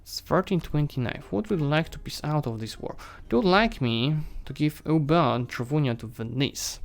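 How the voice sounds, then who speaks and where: A man streaming a strategy game, thinking aloud and chatting to the nations and armies on screen, his voice going hoarse. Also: on the high side, expressive, normal speed. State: losing his voice. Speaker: gaming streamer. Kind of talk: live strategy game commentary.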